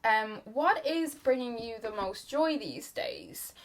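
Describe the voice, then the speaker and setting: Irish girl in her 20s, kinda high voice, rambly get ready with me chat, lots of like and kinda. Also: big pitch swings, slow pace. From Ireland. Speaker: beauty vlogger. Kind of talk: chatty get-ready-with-me talk.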